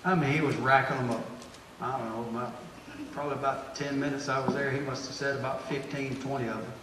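A man, a pastor preaching a sermon to his church group, exhorting and repeating phrases as he builds to loud, emphatic bursts. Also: mid-range voice, steady tone, fast, noisy background. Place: church hall. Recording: echoey hall, distant mic.

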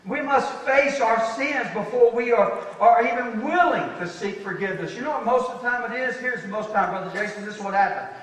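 A man preaches a folksy, emphatic sermon, his voice pitched very high. He slows right down to lean on key phrases. The sound rings through a long echoey church hall, picked up from far away. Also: a bit bright. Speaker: pastor. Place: church sanctuary.

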